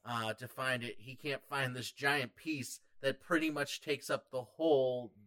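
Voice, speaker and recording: In an unhurried, mid-range voice, a man co-hosting a podcast jokes around casually about a film. He stays animated and playful, dropping into quoted voices as he goes.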